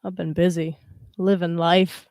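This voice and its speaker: A young woman talks through an astrology chart on a casual livestream, stopping to greet viewers by name. Her voice sits a little low and sounds dry and close, with no room around it. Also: flat delivery, unhurried, darkish tone, no echo. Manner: chatty, greets live viewers, frequent fillers. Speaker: astrologer and tarot livestream host.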